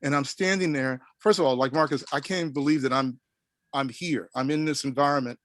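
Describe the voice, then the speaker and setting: A middle-aged man from Oklahoma telling a story on a panel, animated and rambling with many restarts. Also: medium pitch, brisk, dry recording. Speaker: panel guest.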